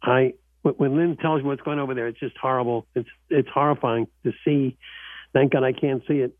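A man's voice: medium pitch, fairly even intonation, fairly quick, no echo. A man hosting a radio talk show in casual chat, earnest and repeating himself for emphasis. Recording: dry tinny phone-like sound.

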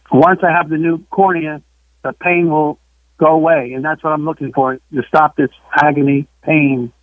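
A man's voice: sits high, no echo. An older man hosting a live call-in radio show from home, folksy and earnest, repeating himself. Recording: tinny phone line from home.

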